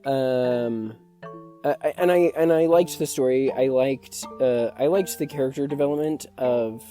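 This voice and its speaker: Co-host, mellow, rambling, self-deprecating book club chat over faint music. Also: medium pitch, measured pace. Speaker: podcast co-host.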